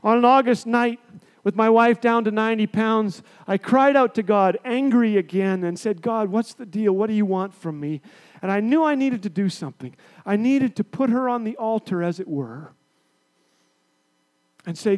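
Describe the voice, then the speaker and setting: A middle-aged man with a high voice preaches to a congregation. He tells a personal story, swinging from loud, punchy bursts to quiet, hushed asides. The effect is expressive and conversational. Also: moderate pace. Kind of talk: sermon with storytelling.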